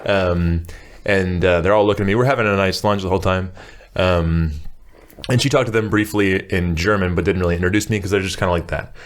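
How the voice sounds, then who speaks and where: American male host, lowish voice, animated storyteller, laughs a lot. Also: fairly quick. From United States. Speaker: podcast host. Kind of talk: casual podcast chat.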